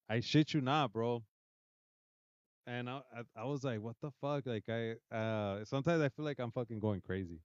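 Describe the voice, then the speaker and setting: This podcast co-host, a man with a medium-pitched, darkish voice, rambles through a spooky story, swearing and switching between English and Spanish. His podcast mic gives a clean sound with no echo, though the audio is dull.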